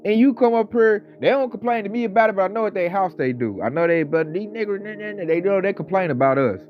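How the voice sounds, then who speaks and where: Animated man ranting, high lively voice. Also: quick pace. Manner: animated, mocking, mimics coworkers. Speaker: online commentator. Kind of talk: casual ranting monologue. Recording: slightly dull audio, faint background music.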